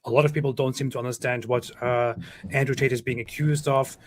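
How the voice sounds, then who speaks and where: A man's voice: medium pitch, fairly even intonation, a little fast, a little hiss or hum. A man with a German accent giving explanatory commentary, laying out his points methodically, step by step. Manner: methodical, breaks things down step by step. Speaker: video commentator.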